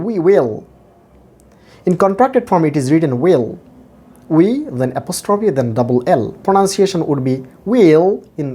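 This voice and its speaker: Male English tutor, brisk pace, repeats each word for the learner. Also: fairly high pitch, mellow. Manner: switches between Bangla and English, repeats words slowly. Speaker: English teacher. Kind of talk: pronunciation lesson.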